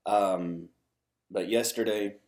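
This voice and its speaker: Guy with a real low voice ranting to his camera, rambly, lots of ums, kinda frustrated. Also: steady tone, slow, darkish tone. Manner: rambling, frequent ums and restarts; earnest, frustrated. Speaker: vlogger. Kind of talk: casual rant to camera.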